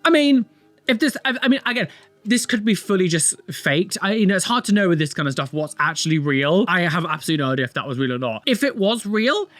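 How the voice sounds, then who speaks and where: Rambling animated man reacting. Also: sits high, quick pace, no room sound, soft background music. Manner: rambling, exclamatory, many fillers. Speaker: reaction video host. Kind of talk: casual reaction commentary.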